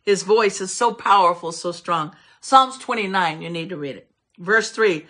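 A woman's voice: mid-range voice, moderate pace, fairly bright tone. A woman preaching a fervent sermon in church, reading scripture aloud with swelling emphasis.

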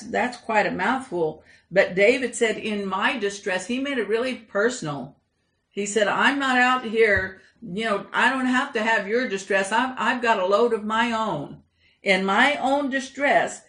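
A woman preaching a sermon, reading scripture with emphatic, slowed delivery. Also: mid-range voice, reverberant. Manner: emphatic, slows down for scripture lines.

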